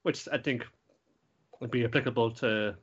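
A man's voice: mid-range voice, normal speed, a bit bright, slightly rough. Rambling, swearing young guy. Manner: rambling, heavy swearing, many fillers. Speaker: podcast host recapping an anime. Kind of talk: casual chat. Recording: dull lo-fi recording.

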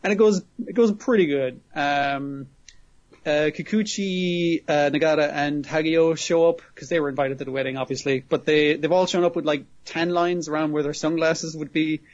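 A man's voice: fairly high pitch, fairly even intonation, normal speed. A man casually recapping a show episode as a podcast host, rambling, laughing often and swearing freely. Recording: muffled lo-fi audio.

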